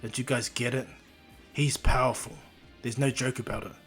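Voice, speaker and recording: A man voicing a brash, loud teenage boy hero in a fan story. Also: mid-range voice, fairly even intonation, moderate pace, faint music behind, natural voice. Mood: serious.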